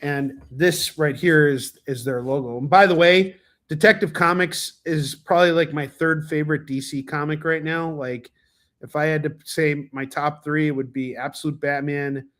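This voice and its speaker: A man's voice: fairly high pitch, fairly even intonation, normal speed, a bit bright. Chatty man reviewing comics, fillers. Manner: rambling, many fillers and restarts, enthusiastic. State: coughing now and then. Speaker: comic book reviewer, stream host. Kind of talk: casual livestream review chat.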